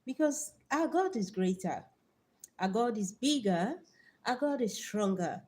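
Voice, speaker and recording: Lively Nigerian woman preaching on a livestream. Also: on the high side, unhurried. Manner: lively, repeats words, greets viewers by name. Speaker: livestream host. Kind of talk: live stream motivational talk with Bible verses.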